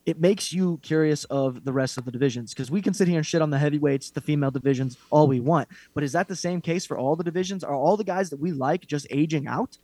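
A man's voice: a little high, fast talker, few pauses, warm tone, dry recording. A man co-hosting a casual fight podcast, ranting bluntly and mockingly with plenty of profanity. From Irish heritage. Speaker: podcast co-host. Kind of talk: casual MMA chat.

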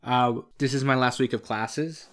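A young man from Canada talks in a casual podcast chat, pitched in the middle of the male range. He tells a rambling story and keeps pressing to finish it when interrupted. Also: steady tone, measured pace, a bit bright. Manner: rambling storyteller, insists on finishing his point.

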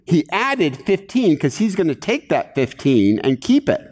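A man's voice: a little high, measured pace. A middle-aged male pastor preaching a sermon, acting out voices as he teaches. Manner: animated, acts out muttering voices. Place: church sanctuary. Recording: reverberant hall.

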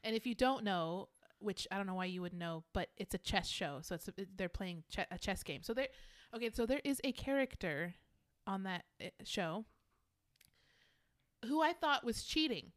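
A woman co-hosting a casual chat, telling an animated story and swearing freely. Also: mid-range voice, moderate pace. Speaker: podcast co-host.

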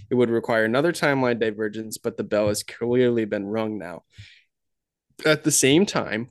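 A man's voice: on the low side, no room sound. Man reviewing a film, dry mic. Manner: measured, summarizing plot and reading quotes. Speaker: podcast co-host. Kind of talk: casual movie review chat.

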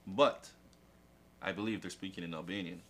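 A man's voice: low-pitched, fairly even intonation, moderate pace, fairly bright tone. A man co-hosting a casual chat show, animatedly retelling events and acting out quotes, swearing casually. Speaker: podcast co-host. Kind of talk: casual chat recapping wrestling.

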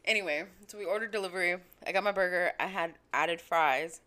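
A young woman chatting casually as a podcast co-host, telling profane stories with lively quoted voices. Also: lowish voice, fairly quick. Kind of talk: casual chat.

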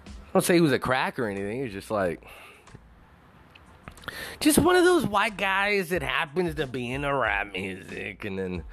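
A man talks alone on his own show in a loose, rambling rant, swearing freely as he drifts off topic. His pitch jumps up and down a lot, and faint music plays behind him. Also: moderate pace, long pauses. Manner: rambling, profane, animated. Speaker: show host. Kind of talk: casual solo commentary.

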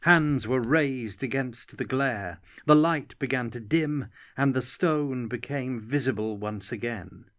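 A man reading a fantasy novel aloud as narrator, in a measured, even storytelling manner. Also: mid-range voice, dry recording, clean studio sound. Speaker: audiobook narrator.

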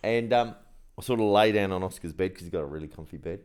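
A man's voice: deep voice, fast, darkish tone, clear, resonant tone. A middle-aged man with an Australian accent, telling a story on a podcast with laughs and acted-out quotes. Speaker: podcast co-host. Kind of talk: casual chat.

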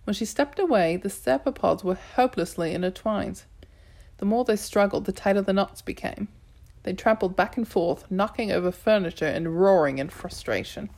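A woman narrates a first-person novel aloud in a wry, lively way. Her voice sits in an ordinary middle range for a woman. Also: mid-range voice, moderate pace, gravelly. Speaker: audiobook narrator.

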